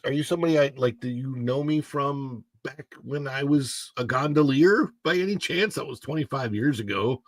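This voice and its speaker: A man's voice: mid-range voice, measured pace, dry recording. A middle-aged man hosting a casual livestream, chatting and reading viewer comments aloud. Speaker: livestream host.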